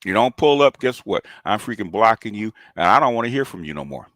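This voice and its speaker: A man's voice: fairly low pitch, big pitch swings, fast, a bit bright, no room sound, clean studio sound. A man, hosting a channel and delivering a combative, taunting call-out rant, often tossing in "okay?". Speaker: commentary channel host.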